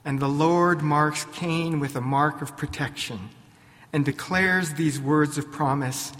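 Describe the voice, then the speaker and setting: A man pastor preaching a sermon in a church, deliberate, posing rhetorical questions to his congregation. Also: a little high, steady tone, fairly bright tone, in a large hall.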